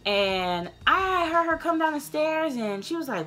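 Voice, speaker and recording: A young woman vlogger telling a personal story in a candid, rambling way, earnest and emotional, sometimes getting loud and passionate. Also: high-pitched, sing-song, a little slow, faint music behind. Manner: loose, rambling, many restarts.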